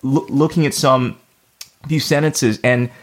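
A man's voice: mid-range voice, fairly even intonation, unhurried. Laid-back slangy podcast host, man. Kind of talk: casual conversation.

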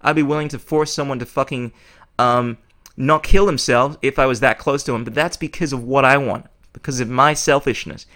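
A man's voice: medium pitch, steady tone, fairly quick, bright, forceful tone. A man hosting a podcast, delivering a blunt, opinionated monologue full of swearing. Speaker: podcast host.

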